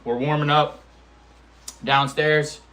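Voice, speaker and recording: A man's voice: fairly high pitch, level tone, slow, pushed and bright. A man in his twenties telling a casual, profane story about his amateur fight, acting out quotes and sound effects. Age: 20s. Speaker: amateur MMA fighter vlogger.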